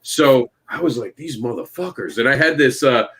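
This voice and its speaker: A man's voice: mid-range voice, moderate pace, creaky, fairly bright tone, slightly rough. Male guest, brash storyteller, sarcastic, acts out his own asides. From Florida. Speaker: guest, comics creator. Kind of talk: casual chat.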